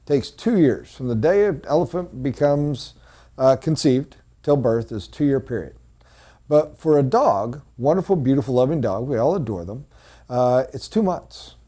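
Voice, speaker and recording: Male sales trainer, mellow mid-pitched voice, storytelling delivery that sinks to hushed emphasis. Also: lively intonation, normal speed.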